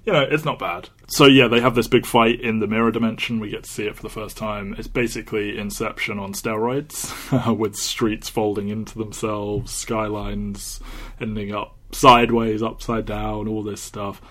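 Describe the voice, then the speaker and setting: A man's voice: lowish voice, fairly even intonation, normal speed, a bit bright. A man co-hosting a film podcast, chatting casually and often restarting his sentences. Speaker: podcast co-host. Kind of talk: casual film review chat.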